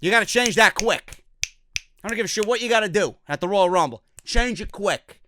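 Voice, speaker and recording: A man's voice: high-pitched, lively intonation, fairly quick, sharp tone. A man ranting bluntly in a profane wrestling review vlog, exasperated and swearing often.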